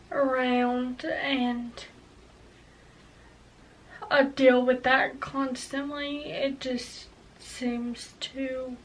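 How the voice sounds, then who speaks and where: A young woman in her early twenties speaks in a high, slow, halting way, often pausing and restarting as she opens up on camera. Her pitch stays fairly level. She sits a little back from the mic, with a faint hiss of background noise. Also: recorded from a distance, low-quality recording. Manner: halting, hesitant, emotional. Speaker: vlogger. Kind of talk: personal confessional vlog.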